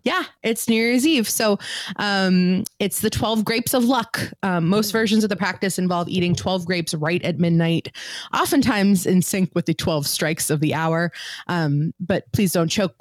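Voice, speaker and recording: A woman's voice: fairly low pitch, measured pace, no room sound. Chatty woman hosting a trivia quiz. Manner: reads trivia facts with many ums, laughs often. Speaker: quiz host. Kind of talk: casual podcast quiz chat.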